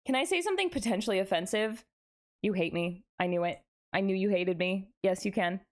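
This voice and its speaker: A woman's voice: mid-range voice, brisk. A young adult woman streaming live, chatting casually with her viewers in a playful, dramatic way. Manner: animated, playful, dramatic exclamations.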